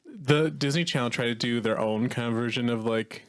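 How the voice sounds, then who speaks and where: A man's voice: mid-range voice, moderate pace, dry recording. A young man co-hosting a comedy podcast, talking casually with blunt, dry sarcasm. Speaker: podcast co-host.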